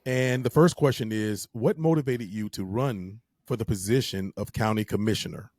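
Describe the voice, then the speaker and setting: A man's voice: fairly low pitch, moderate pace, a little mellow, no room sound. A man with a Southern US accent co-hosting an interview show in a loose, jokey way, sometimes tripping over his words. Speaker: co-host.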